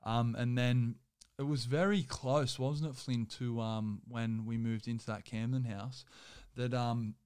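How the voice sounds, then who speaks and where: A young man in his twenties speaks as a guest, rambling through a personal story with plenty of swearing and filler words. His voice is clear and smooth. It sits dry and close, with no room around it. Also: medium pitch, fairly even intonation, unhurried, a little mellow, no echo. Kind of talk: casual storytelling.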